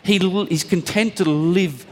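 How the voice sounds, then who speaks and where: A man preaching a sermon, telling stories and letting his voice climb high on emphatic points. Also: unhurried. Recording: long hall reverb.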